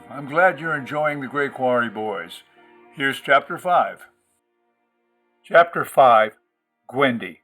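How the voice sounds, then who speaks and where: A man's voice: mid-range voice, a bit bright, rough recording. A man hosting and reading an audiobook, narrating a crude first-person story in a wry, sardonic way. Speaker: audiobook reader and host.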